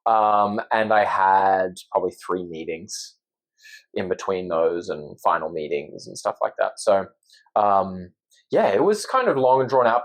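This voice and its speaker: A man from Australia, a guest actor, telling stories in relaxed, low-key interview chat. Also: low-quality recording.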